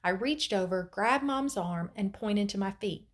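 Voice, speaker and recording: A woman teacher reading a novel aloud in an expressive storytelling way, with dramatic pauses. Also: mid-range voice.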